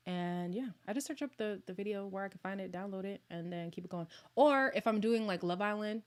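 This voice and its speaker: An animated woman in casual livestream chat, talking straight to her viewers. Her voice sits at a middling pitch, and she is chatty and expressive. Now and then she drops to a hushed aside. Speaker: vlogger answering viewer comments.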